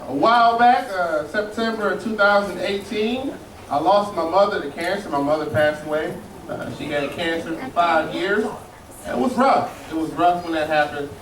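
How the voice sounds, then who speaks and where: This stand-up comic speaks at a moderate pace in a high voice, telling rambling, profane tales that shift between gloom and ridicule. He's performing for a live club audience, captured in a distant, spacious recording where the crowd is loud.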